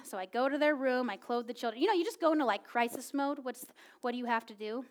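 A woman in her thirties preaching a sermon, telling a personal story in a casual, animated way with many filler words. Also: on the high side, quick pace. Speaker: pastor.

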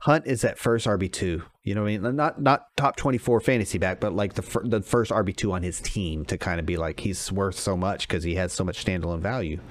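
A man's voice: deep voice, a little fast, few pauses. A man co-hosting a casual sports podcast, talking confidently with trailing fillers. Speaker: podcast co-host. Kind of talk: casual fantasy football chat.

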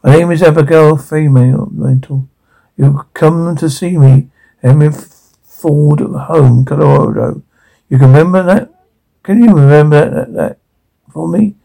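A man reading the lines of a gentle old woman in a slow, hushed whisper. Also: fairly high pitch, creaky, low-quality recording.

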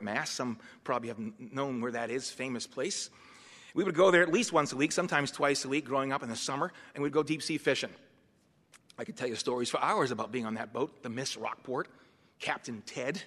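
Bright-voiced preacher in a reverberant hall. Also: male voice, a little high. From Massachusetts, USA. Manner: animated, swings between hushed and loud. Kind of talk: sermon with personal storytelling. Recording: long reverb of a large hall.

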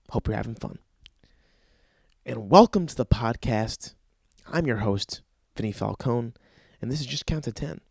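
A young man hosts a podcast, spinning rambling, profane comedic stories. His voice has a gravelly grain at a middle pitch. The recording is dry and close. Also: a little mellow, no room sound. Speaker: podcast host. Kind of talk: casual comedic storytelling monologue.

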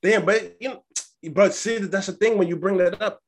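A man's voice: high voice, normal speed. A young man chatting casually as co-host, telling stories and acting out what others said. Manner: storytelling, quotes others in an animated way. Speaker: podcast co-host. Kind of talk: casual chat.

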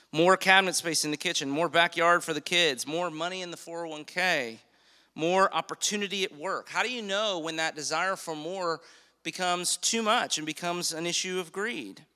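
A man preaching a sermon as pastor, emphatic, slowing down on key phrases and asking the congregation questions. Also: sits high, sharp tone, clear, resonant tone, in a large hall.

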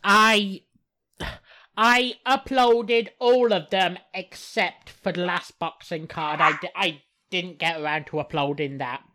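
Slow-talking woman podcast co-host, bright voice. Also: fairly low pitch, fairly even intonation, slight background noise. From United Kingdom. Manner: swears often, talks in emphatic bursts. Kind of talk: casual podcast chat.

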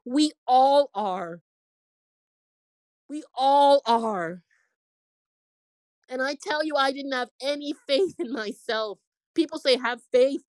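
High-voiced woman sharing faith testimony. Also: a little slow, dry recording. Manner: earnest and preachy, quoting others in acted voices. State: emotional. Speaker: inspirational speaker.

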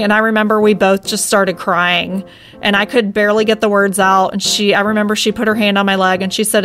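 A woman's voice: mid-range voice, steady tone, moderate pace, a bit bright, soft background music. A woman in her thirties telling her own story in an earnest, reflective way, often saying "like". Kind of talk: personal storytelling on a podcast.

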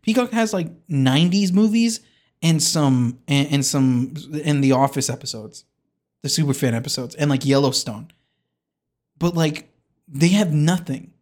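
A man's voice: on the high side, unhurried, a little mellow. Rambling man ranting for laughs. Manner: rambling and hyperbolic, with frequent self-interruptions and restarts. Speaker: podcast host. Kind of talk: comedic rant.

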